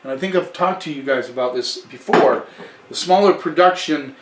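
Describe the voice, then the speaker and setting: A man's voice: a little high, normal speed, distant mic, slight background noise. A man giving a casual wine tasting review in a chatty way, often restarting and correcting himself. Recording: echoey room, away from the mic.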